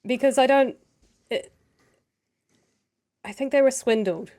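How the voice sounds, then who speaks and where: A woman co-hosting a casual political chat, earnest and thoughtful, pausing to search for words. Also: sits high, darkish tone. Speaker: co-host.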